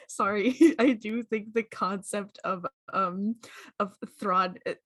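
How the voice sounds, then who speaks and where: A woman co-hosting a casual podcast, halting and giggly, with many fillers. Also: mid-range voice, steady tone, pushed and bright, no echo, studio quality. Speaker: podcast co-host.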